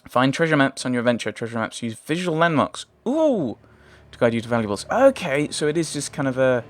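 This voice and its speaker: A man's voice: medium pitch, big pitch swings, brisk. A man hosting a let's play, thinking aloud in casual gameplay commentary, hesitant and often trailing off.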